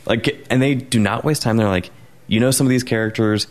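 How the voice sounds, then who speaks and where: A man's voice: medium pitch, fairly quick. A man in a casual film chat, explaining things at length with many restarts.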